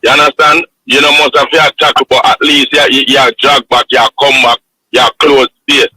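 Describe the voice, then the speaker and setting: A man's voice: medium pitch, level tone, moderate pace, sharp tone, husky, no echo, rough recording. A man with a Jamaican accent calling in to a sports show, giving earnest football analysis and repeating his points. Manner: earnest, repeats points, says you understand. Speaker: caller.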